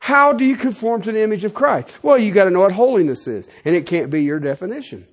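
A husky-voiced middle-aged man preaching to his congregation, his pitch riding high and swinging widely. He presses his points hard, then drops into low, muttered asides. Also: animated, fast talker. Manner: emphatic, swings between loud and quiet asides. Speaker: pastor. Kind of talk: sermon.

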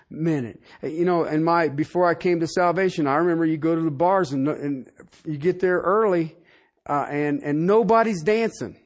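A man preaching as a pastor, folksy and colloquial, firing off rhetorical questions and swinging between loud peaks and hushed asides. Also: a little high. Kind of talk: sermon.

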